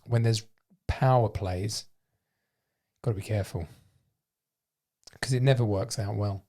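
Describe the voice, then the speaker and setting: A man's voice: lowish voice, a little slow, mellow. A man hosting a podcast in a studio, chatting casually and thinking aloud in loose, rambling sentences. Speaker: podcast host. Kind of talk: casual chat.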